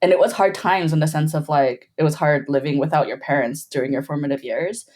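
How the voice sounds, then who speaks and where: Lively laughing woman telling stories. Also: low voice, fairly quick. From grew up between Bolivia and the US. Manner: animated storyteller, laughing often, with frequent "like" fillers. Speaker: podcast guest. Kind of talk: casual podcast chat.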